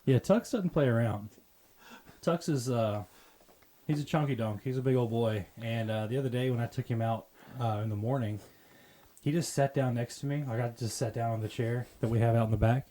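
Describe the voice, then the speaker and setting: A man co-hosting a podcast in casual chat, joking and reacting to stories with quick laughs. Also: medium pitch, dark tone. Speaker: podcast co-host.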